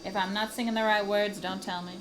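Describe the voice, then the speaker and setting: A woman hosting a casual livestream from home, chatting with viewers in a giggly, animated way with casual swearing. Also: medium pitch, fairly quick, noisy background. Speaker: livestream host.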